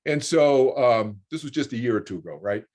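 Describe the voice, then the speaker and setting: A man's voice: mid-range voice, animated, brisk, a little mellow. A man in his sixties telling a personal story as a guest on a video call, rambling with repeated words and restarts. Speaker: guest speaker.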